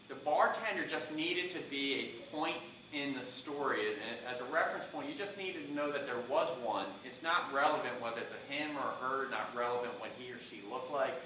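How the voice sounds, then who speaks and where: A man's voice: mid-range voice, sharp tone, slight background noise. A middle-aged man teaching a public speaking class, questioning the students and shifting his volume often. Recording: echoey classroom from far off.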